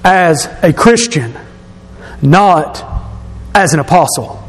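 A pastor preaching a sermon to his congregation, emphatic and rising to shouts at his key points. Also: a little high, lively intonation, slow pace. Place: church sanctuary. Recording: long reverb of a church hall.

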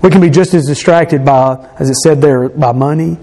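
A man preaching a sermon, building rhythmic lists and rising to passionate shouts. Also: a little high, normal speed. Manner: impassioned, rising to shouts on climaxes.

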